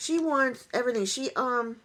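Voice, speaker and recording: A woman's voice: a little high, moderate pace, fairly bright tone. A woman giving a casual reality TV recap in an opinionated, sarcastic way, with chuckling asides.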